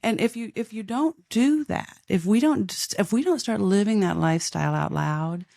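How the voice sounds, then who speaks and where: An older woman speaks as an interview guest in a lively, animated way, often breaking off and restarting mid-sentence. Her voice is recorded dry and close, with no room sound. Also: mid-range voice, normal speed, vocal fry, no room sound. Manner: animated, acts out quoted dialogue, frequent restarts. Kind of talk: conversational interview.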